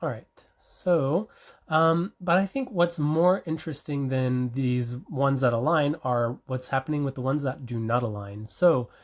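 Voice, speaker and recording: A researcher presents a study at a conference, mid-pitched and even-toned. The delivery is explanatory, with frequent ums, uhs and self-corrections. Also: measured pace.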